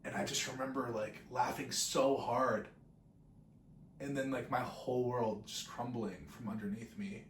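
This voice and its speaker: A man's voice: mid-range voice, a little slow, slight background noise. Rambling, profane young man in an echoey room. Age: 20s. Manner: tangent-prone, profane, animated. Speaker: vlogger. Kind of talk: rambling casual intro.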